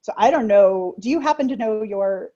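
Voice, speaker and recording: A woman hosting a casual interview, telling lively stories and acting out voices. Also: mid-range voice, normal speed, dull audio. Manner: animated storyteller who acts out voices. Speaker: podcast host.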